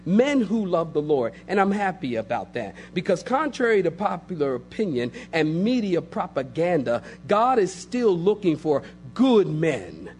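A man's voice: high-pitched, darkish tone. A man preaching a sermon as pastor, emphatic and repetitive, building phrase upon phrase.

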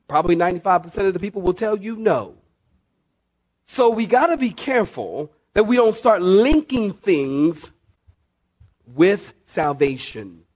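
A middle-aged male pastor preaches with an emphatic, pressing delivery. He keeps calling on his listeners and swings between quick runs and slow, stressed words. His voice sits fairly high for a man. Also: darkish tone. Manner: emphatic, repeats "listen" and "saints", varies pace sharply. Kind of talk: sermon.

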